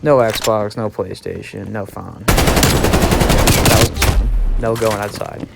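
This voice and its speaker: A man's voice: fairly low pitch, steady tone, slow pace, vocal fry, very noisy. Rambling young man over game gunfire. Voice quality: rambling, profane, many restarts. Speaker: vlogger. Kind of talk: casual storytime. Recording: loud gunfire sounds behind. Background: loud video game gunfire.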